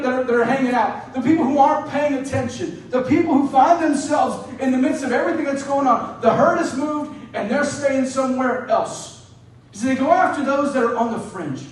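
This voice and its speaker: A man's voice: very high voice, brisk. A male pastor preaching a sermon, telling a story in a conversational way and often asking "right?". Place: church sanctuary. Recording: roomy church hall, mic at a distance.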